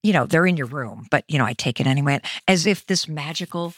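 A middle-aged woman hosting a motivational podcast, chatty and expressive, speaking straight to the listener. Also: low voice, quick pace, no room sound, clean studio sound. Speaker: podcast host.

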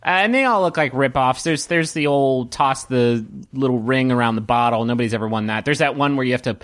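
A man acting as game master, narrating a tabletop game in a loose, halting way. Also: medium pitch, a bit bright, dry recording.

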